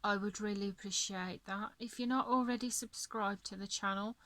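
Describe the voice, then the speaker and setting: A woman's voice: mid-range voice, steady tone, moderate pace, a bit bright, no echo. A tired woman chatting casually about her coloring pages, yawning and apologetic. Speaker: coloring channel host. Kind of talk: casual show-and-tell chat.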